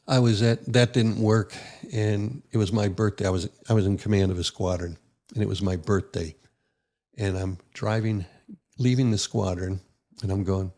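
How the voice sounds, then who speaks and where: Low gravelly older man telling stories. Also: warm tone. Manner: folksy storyteller who acts out quotes. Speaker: podcast guest, retired rear admiral. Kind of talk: casual storytelling.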